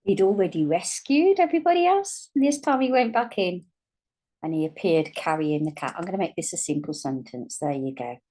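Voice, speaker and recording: A woman teaching a writing lesson, speaking patiently and dictating words slowly as she writes them out. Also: lowish voice, expressive, dark tone. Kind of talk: dyslexia writing lesson, thinking aloud while writing.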